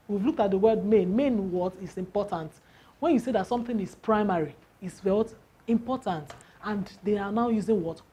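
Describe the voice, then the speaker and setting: A woman's voice: mid-range voice, darkish tone. A woman teaching a lesson, asking questions and answering them herself, stretching out example words. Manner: slow, drawn-out emphasis on example words. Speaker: English teacher. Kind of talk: classroom lesson.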